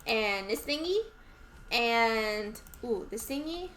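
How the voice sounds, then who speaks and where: Casual streamer woman, higher-pitched, bubbly, many fillers. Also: unhurried. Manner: excitable, trails off with fillers. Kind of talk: casual reading and chat.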